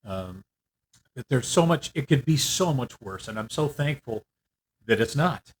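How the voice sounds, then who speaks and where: An older man giving a casual, candid video update on his treatment. He rambles a little, fills pauses often, and sounds worn out. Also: mid-range voice, expressive, slight background noise. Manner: candid, rambling, with frequent fillers. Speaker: vlogger. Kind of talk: casual personal health update.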